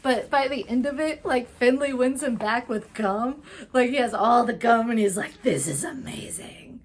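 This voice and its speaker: With a fairly high, fairly even voice, a TV recap and tarot vlogger gushes through episode summaries, chatty and full of "like" and "um." She briefly acts out characters' lines in quick asides.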